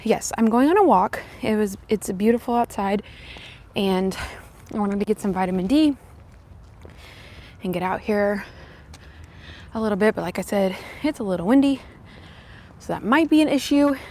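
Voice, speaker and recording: A woman's voice: a little high, a little mellow. Chatty young woman streaming on a windy walk. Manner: chatty and upbeat, greeting viewers by name. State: slightly out of breath from walking uphill. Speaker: vlogger live-streaming. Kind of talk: casual live-stream chat while walking.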